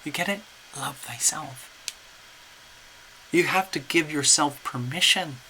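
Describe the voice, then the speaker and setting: Male tarot reader, bright and animated, coaxing tone. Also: fairly high pitch, moderate pace, slight background noise, low-quality recording. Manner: animated, coaxing, repeats "okay?". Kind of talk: casual tarot reading monologue.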